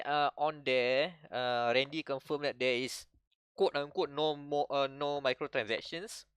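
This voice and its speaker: Co-host casting: guy, smooth clear voice, loose rambling gamer chat, dry close sound. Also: mid-range voice, fairly bright tone, no room sound. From Malaysia. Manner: rambling, many restarts and laughs. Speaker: podcast co-host. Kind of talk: casual gaming chat.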